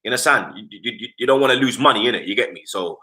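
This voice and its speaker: A man's voice: medium pitch, expressive, racing, bright, forceful tone. A man, a football fan pundit chatting casually on a live stream. He talks in heavy slang and keeps tagging his lines with "blood" and "you get me".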